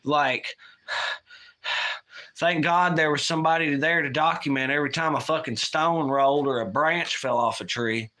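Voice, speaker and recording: A man's voice: a little high, a little slow, sharp tone. A man hosting a casual livestream, rambling and swearing while he reads chat aloud. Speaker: livestream host.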